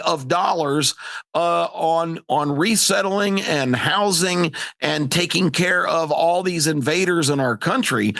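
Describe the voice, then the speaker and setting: A man's voice: on the high side, vocal fry, a bit bright, dry recording. Man, talk radio host, opinion monologue, emphatic, indignant, dry close sound.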